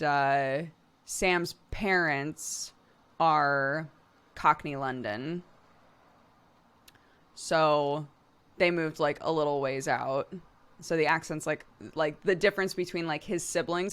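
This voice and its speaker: A woman's voice: deep voice, a bit bright, clear, resonant tone. A young adult woman streamer chatting casually with her viewers, full of fillers and frequent laughter. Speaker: streamer reading chat. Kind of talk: casual chat.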